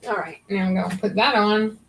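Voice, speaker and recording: A woman's voice: medium pitch, brisk, gravelly, a bit bright, a little hiss or hum, low-quality recording. A woman hosting a crafting livestream, chatting nervously and rambling as she thinks aloud. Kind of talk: casual livestream chat while sewing.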